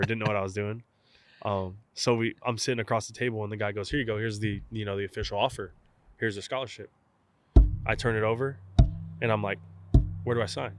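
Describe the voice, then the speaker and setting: A young man from South Texas with a fairly low voice tells a story in an easy, casual way. He acts out each side of the conversations he remembers. The sound is dry and close, with no room echo. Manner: animated storyteller, acts out both sides of phone calls. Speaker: guest, professional baseball catcher.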